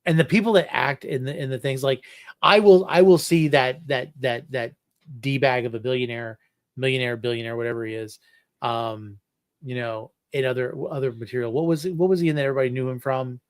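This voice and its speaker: A man's voice: medium pitch, fairly even intonation, a little fast, no echo, studio quality. A man in his thirties hosting a casual fan podcast, rambling with many restarts and fillers. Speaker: podcast host. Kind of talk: casual chat.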